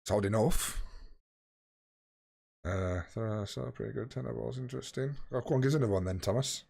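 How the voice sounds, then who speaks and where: A man's voice: mid-range voice, fast talker, creaky, darkish tone, slightly rough. A man in his late thirties live-streaming a game, chatting casually and swearing freely with his viewers while tired and yawning. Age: 30s. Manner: swears freely, bantering with chat.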